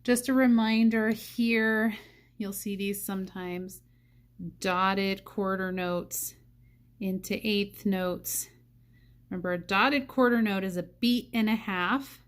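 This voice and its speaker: A woman teaching a saxophone part, thinking aloud and counting rhythms out loud. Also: mid-range voice, fairly even intonation, slow. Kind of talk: music lesson walkthrough.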